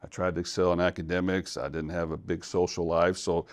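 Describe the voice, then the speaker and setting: A man's voice: low voice, little pitch movement, a little fast. A man from Louisville who is a head football coach, talking earnestly and reflectively in a podcast interview. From Louisville, Kentucky.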